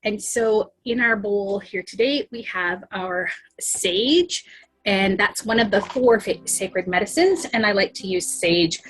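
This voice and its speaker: Slow, soft-spoken woman with a husky voice. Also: mid-range voice, animated, faint music behind. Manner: slow, soft-spoken and reassuring, with many ums. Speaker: early-years facilitator leading circle time. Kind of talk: gentle guided smudge and circle time on a video call. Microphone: laptop webcam on a video call.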